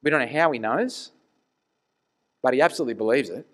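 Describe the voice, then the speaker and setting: A man's voice: medium pitch, a little fast, a bit bright. A man preaching a conversational sermon, earnest and full of rhetorical questions.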